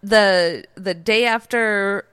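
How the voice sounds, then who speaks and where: A middle-aged woman co-hosting a podcast, chatting in an animated, emphatic way. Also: mid-range voice, extremely slow, clear, resonant tone, dry recording. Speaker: podcast co-host. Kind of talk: casual chat.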